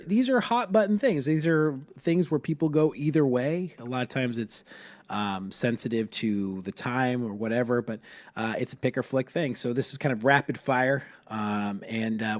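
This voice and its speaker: A man who is a youth pastor, hosting a podcast in a relaxed, chatty way with lots of fillers. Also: fairly low pitch, dry recording. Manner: relaxed, filler-heavy, friendly teasing.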